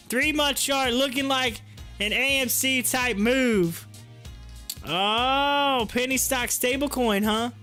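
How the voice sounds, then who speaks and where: A man hosting a live stream and reading viewer chat aloud, animated, laughing often and repeating his phrases. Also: extremely high pitch.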